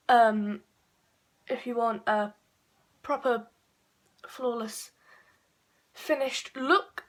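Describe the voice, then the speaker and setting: Woman, fairly high voice, beauty vlogger, casual tutorial chat, lots of fillers. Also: fairly bright tone. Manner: chatty, with frequent fillers and self-corrections.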